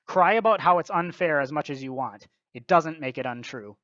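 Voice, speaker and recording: A man's voice: fairly high pitch, animated, moderate pace, a bit bright, dry recording, muffled recording. A man giving blunt, lecturing scripted commentary on a video.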